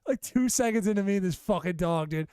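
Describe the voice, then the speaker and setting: Sarcastic young man, lively pitch. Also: a little fast, clean tone, dry recording, studio quality. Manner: sarcastic deadpan teasing, swears, drops to mumbled asides. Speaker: podcast co-host. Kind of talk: casual comedic banter.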